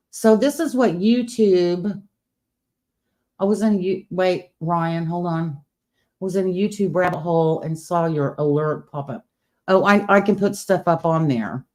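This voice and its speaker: A woman's voice: fairly low pitch, a little mellow. A woman hosting a casual late-night livestream, whispering at times and chatting with viewers, her speech a little impeded by new partial teeth. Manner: whispering, chatty, reading viewer comments aloud. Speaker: livestream host. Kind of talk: casual live-stream chat.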